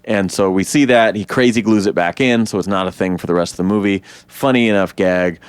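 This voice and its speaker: A man co-hosting a podcast, casually retelling a movie scene by scene and jumping into high voices to act out the characters. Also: fairly quick, smooth, no room sound. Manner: animated storyteller, acts out characters in high voices. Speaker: podcast co-host. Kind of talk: casual film recap chat.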